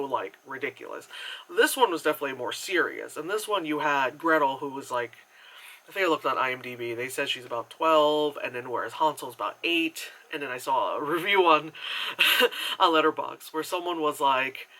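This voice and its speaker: A man's voice: on the high side, lively intonation, moderate pace, bright, forceful tone, poor audio. A man giving a casual spoken movie review at home, rambling with lots of fillers and the odd casual swear. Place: at home, indoors.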